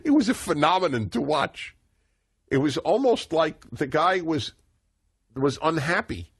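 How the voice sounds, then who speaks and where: Radio talk host, 60s, husky voice that swings up and down a lot, dry close mic. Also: male voice, fairly high pitch, animated, measured pace, no echo. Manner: expansive, opinionated, chuckles often.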